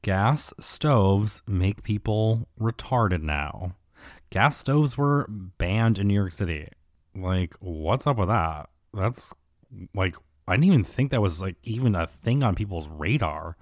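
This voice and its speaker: A low-pitched man talks through a year in review in loose, sarcastic commentary. He rambles, swears freely and leans on fillers, and his voice sits dry and close with no room around it. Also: expressive, takes it slowly, a little mellow, dry recording.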